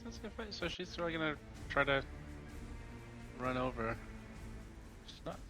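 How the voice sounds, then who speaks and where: A man playing in a tabletop game, quietly and hesitantly thinking through his character's move. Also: a little high, animated, moderate pace, music in the background. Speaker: player. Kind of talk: casual tabletop play.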